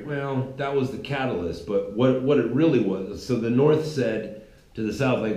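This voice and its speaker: A man's voice: medium pitch, moderate pace, mellow, reverberant, rough recording. A middle-aged man from California hosting a political commentary show, talking in an emphatic opinionated monologue with many restarts.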